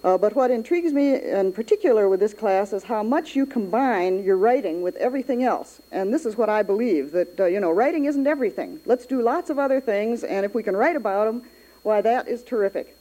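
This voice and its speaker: A woman's voice: medium pitch, lively intonation, brisk, dark tone, rough recording. A woman hosting an educational radio program, chatting with a class and encouraging listening classes.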